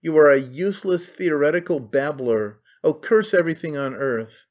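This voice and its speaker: Lightly acting at a moderate pace, a man with a slightly high, animated voice reads aloud as a sick young woman in labour. She comes across as angry, anguished, scornful and imperious, and the recording sounds dull and lo-fi.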